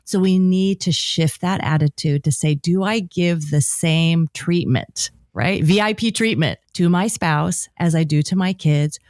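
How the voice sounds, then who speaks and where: A middle-aged woman, a guest author in a casual interview, talking lively and acting out quotes in a higher voice. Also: measured pace, few pauses, no room sound, clean studio sound.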